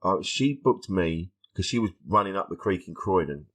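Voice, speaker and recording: A man, a stand-up comedian guest on a podcast, telling stories in a lively way and acting out the voices of people he quotes. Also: low voice, moderate pace. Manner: animated storytelling, acts out quoted voices. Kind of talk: casual podcast interview.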